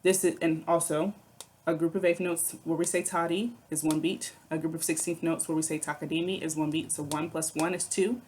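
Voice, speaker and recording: Woman music teacher with a lowish voice, patient, counting beats aloud, faint hiss behind. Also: little pitch movement, a little fast, a little mellow. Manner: patient, counts aloud and chants rhythm syllables. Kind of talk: recorded online music lesson.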